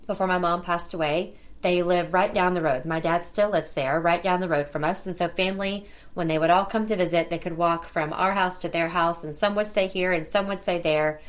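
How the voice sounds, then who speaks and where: Lower-voiced woman telling a family story. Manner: conversational, lively retelling of dialogue. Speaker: podcast host. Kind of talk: personal storytelling.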